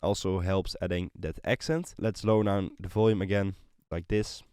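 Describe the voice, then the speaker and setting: Male tutorial host, low register, easygoing voice-over explaining a DAW session over loud beats. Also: moderate pace, faint music behind. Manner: relaxed, explanatory, with frequent fillers like "kind of" and "like". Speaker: music production tutor. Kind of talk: screen-recorded production tutorial. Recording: voice over loud synth and drum loops.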